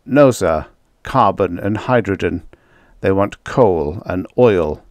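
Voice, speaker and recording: A man's voice: sits low, lively intonation, takes it slowly, darkish tone, no room sound. A man voicing an earnest, serious astronomer. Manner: earnest, persuasive. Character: earnest middle-aged male astronomer, serious.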